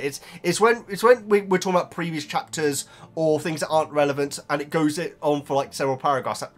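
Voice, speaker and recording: A man's voice: medium pitch, a bit bright. A British man reading and answering viewer comments in a casual chat, talking hesitantly with many stumbling restarts.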